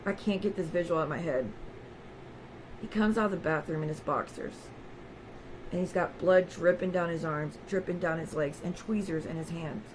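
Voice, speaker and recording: A woman's voice: on the low side, normal speed, noisy background. A woman vlogger telling a personal story straight to her viewers in a raw, candid way.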